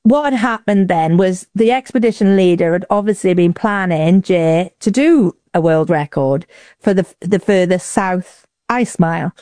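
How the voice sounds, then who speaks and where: A woman from Wales recounts a story in casual conversation, jumping high in pitch whenever she acts out what people said. Her voice is mellow and warm, recorded close and dry with no room sound. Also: unhurried, dry recording. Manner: lively, acts out quotes with big pitch jumps. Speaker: interview guest.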